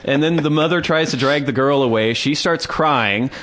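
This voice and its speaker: A man's voice: fairly high pitch, a bit bright. A young man co-hosting a podcast, casually telling a comic story and acting out bits of it. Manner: storytelling, acting out others in quick asides. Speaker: podcast co-host. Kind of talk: casual comedic chat.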